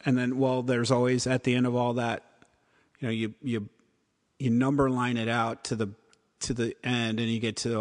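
A man's voice: mid-range voice, steady tone, moderate pace, long reverb tail. A man co-hosting a casual chat about TV episodes, rambling and acting out quotes. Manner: rambling, acts out quotes, frequent "like". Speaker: podcast co-host.

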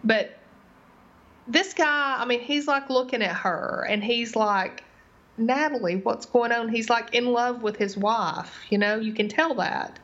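A woman's voice: fairly high pitch, measured pace. Woman recapping a TV episode. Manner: animated storyteller, retells scenes in detail. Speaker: podcast co-host. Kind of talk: casual TV recap chat. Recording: slightly dull lo-fi recording.

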